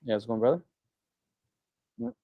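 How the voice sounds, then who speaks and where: A middle-aged man co-hosting a live maker Q&A in casual chat, telling stories and acting out the voices of people he quotes. His voice sits at a medium pitch and is recorded close and dry, with no room sound. It is the sound of a relaxed livestream talk among hobby makers. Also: a little fast, creaky, dry recording, muffled recording. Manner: chatty storyteller who acts out quoted voices.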